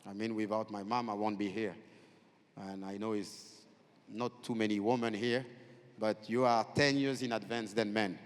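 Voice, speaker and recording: A man in his forties with a French accent, telling lively stories as a guest on a festival stage, often halting and restarting. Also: lowish voice. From France. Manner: animated storyteller, halting with restarts. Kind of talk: on-stage conversation. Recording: long hall reverb.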